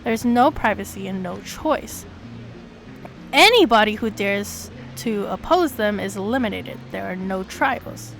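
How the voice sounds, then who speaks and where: A woman streamer reading a visual novel aloud, with sudden excited leaps in her voice. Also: unhurried, vocal fry, faint music behind. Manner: animated reading with sudden high excited jumps.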